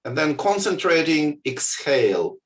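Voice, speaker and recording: A man from the Soviet Union giving a lecture on contemplative practice and leading a guided exercise, speaking haltingly with many fillers and frequent "yeah?" check-ins. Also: a little high, sing-song.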